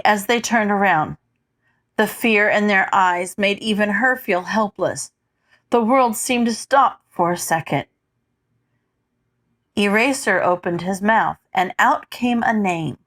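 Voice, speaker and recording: A woman narrating a story in a steady, unhurried read with a mid-range voice. Her delivery is measured, with an occasional slip of the tongue. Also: medium pitch. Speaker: audiobook reader. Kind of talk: scripted narration.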